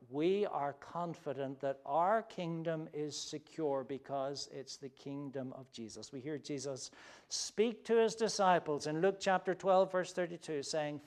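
A man preaching a sermon, earnest, building to emphatic peaks and dropping to soft quiet quotations. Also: a little high. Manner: earnest, with swelling emphasis and soft hushed quotes. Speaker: pastor.

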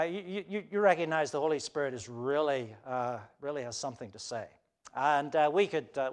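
A male pastor preaching a sermon in an earnest, conversational way, climbing to emphatic peaks and then dropping soft. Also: high-pitched. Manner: frequent fillers and restarts, conversational preaching.

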